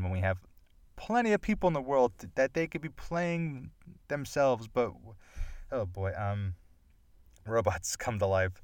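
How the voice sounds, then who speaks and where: A man's voice: fairly low pitch, no room sound. A man hosting a podcast on his own, rambling through loose casual chat, drifting off topic and making fun of himself. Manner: rambling, digressive and self-deprecating. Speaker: podcast host.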